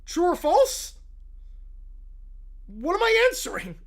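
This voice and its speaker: A man's voice: very high-pitched, huge pitch swings, slow pace, creaky, pitched above the performer's own voice, heavily acted. A man doing a whiny cartoon kid. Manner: whining, pouty. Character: whiny little boy from a cartoon. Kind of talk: reading a fan script aloud with voices.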